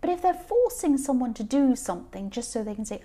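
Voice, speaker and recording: A woman with a slightly high voice gives a casual tarot reading straight to the viewer. She rambles and circles back, full of ums and restarts, but keeps a gently reassuring tone. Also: very animated, a little fast, few pauses. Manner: chatty, rambling, with frequent fillers and restarts. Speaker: tarot reader.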